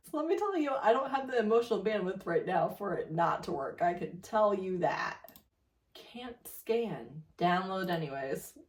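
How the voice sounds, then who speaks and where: A woman hosting a casual reading vlog, talking in an animated, emphatic way and laughing often. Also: lowish voice, measured pace, distant mic. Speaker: booktuber host. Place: home room with laptop.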